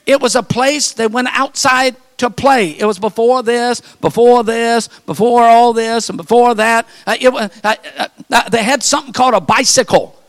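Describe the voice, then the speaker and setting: An older man preaching a sermon, telling folksy stories and building to fervent, shouted appeals. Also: very high-pitched, fairly even intonation, moderate pace, hardly any pauses. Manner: fervent, rising to shouted calls; folksy storytelling with repeated phrases.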